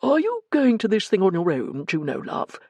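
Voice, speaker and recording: Woman voicing a high, fretful, kindly man; fussy and anxious. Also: huge pitch swings, moderate pace, no echo, full character voice. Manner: anxious, doting, easily scandalised.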